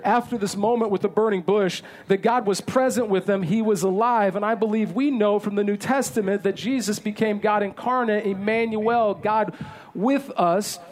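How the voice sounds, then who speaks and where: A man in his thirties preaching a sermon as pastor, telling a self-deprecating story in an animated way. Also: high-pitched, moderate pace.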